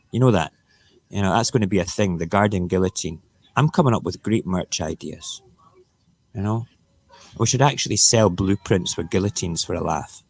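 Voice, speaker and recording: Man with a low, ranting voice. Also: no room sound. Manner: ranting, mocking and joking. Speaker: radio show host. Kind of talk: casual live-stream commentary.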